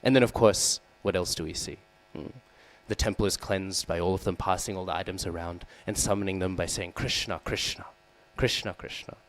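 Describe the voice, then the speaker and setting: In a temple hall, a devotional speaker gives a scripture class in a steady, brisk voice with hardly any pauses, often asking his listeners "hmm?" and "right?" He raises his voice to act out quoted lines. The low-quality recording carries a low mains hum.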